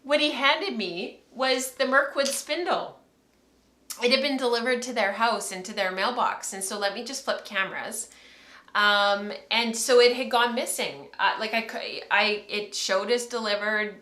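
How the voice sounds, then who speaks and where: A woman's voice: medium pitch, steady tone, unhurried, pushed and bright, echoey room. A woman in her thirties hosting a casual livestream from home, chatty and rambling, laughing often as she talks to camera. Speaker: podcast host.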